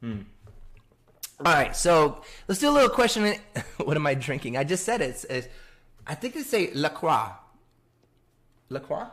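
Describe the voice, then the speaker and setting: A man's voice: on the high side, sing-song, moderate pace, pauses often, fairly bright tone. A man talks casually on a live stream from his home, loose and chatty. He rambles from one thing to the next and laughs often. He keeps breaking off to read out and answer viewer messages.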